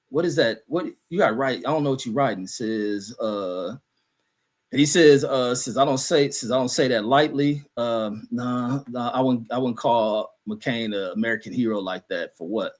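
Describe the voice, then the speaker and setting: A man hosting a livestream, reading chat comments aloud and answering them in a heated, profane rant full of fillers. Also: mid-range voice.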